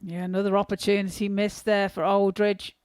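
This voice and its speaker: A woman's voice: medium pitch, level tone, brisk, a little mellow, slight background noise. A woman co-commentating on darts with friendly, teasing analysis of each leg. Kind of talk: sports commentary.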